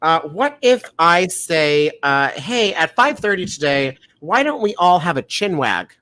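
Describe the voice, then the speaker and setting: A man's voice: on the high side, sing-song, measured pace, sharp tone. A man hosting a playful quiz game on a video call, teasing his guests. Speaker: host. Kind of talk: game-show style hosting on a live stream.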